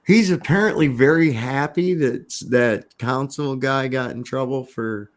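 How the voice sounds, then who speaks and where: A man hosts a relaxed livestream chat, swearing freely and chuckling along with his co-host. His voice sits at an ordinary middle pitch. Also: unhurried. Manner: laid-back, profane, laughs often.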